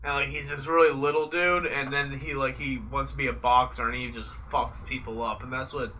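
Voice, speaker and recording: A man's voice: medium pitch, steady tone, a little fast, pushed and bright, slight background noise. A young American man co-hosting a podcast, chatting casually and swearing while watching a fight. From United States. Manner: rambling, swearing, joking. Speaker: podcast co-host. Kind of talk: casual late-night chat over a live fight.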